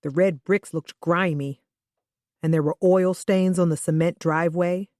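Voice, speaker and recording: A woman reading a first-person thriller audiobook in a steady, even manner. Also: fairly low pitch, measured pace, no room sound, clean studio sound. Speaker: audiobook narrator.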